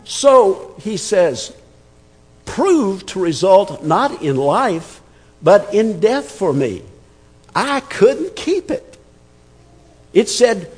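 Slow, lively husky male preacher. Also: on the high side, long reverb tail. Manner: emphatic, conversational, repeats words while thinking. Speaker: pastor. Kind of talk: expository sermon.

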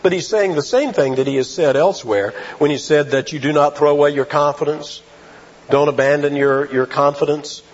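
A man preaching a sermon, asking rhetorical questions and stressing key phrases slowly. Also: fairly high pitch. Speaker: pastor. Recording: dull lo-fi sound.

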